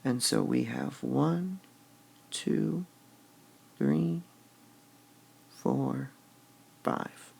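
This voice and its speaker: A man explains poetic meter at an unhurried pace, with a gravelly edge to his voice. His pitch moves a lot as he sounds out each stressed syllable, and he drops to a quiet mutter while he works through an example. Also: sing-song. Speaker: teacher. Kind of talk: screen-recorded lesson on poetic meter.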